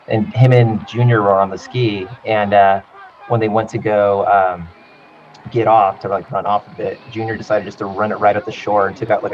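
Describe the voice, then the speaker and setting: A man in his thirties from California, telling relaxed, rambling stories as an interview guest and often saying "like" and "you know". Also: lowish voice. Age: 30s. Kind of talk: casual interview storytelling. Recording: dull lo-fi audio.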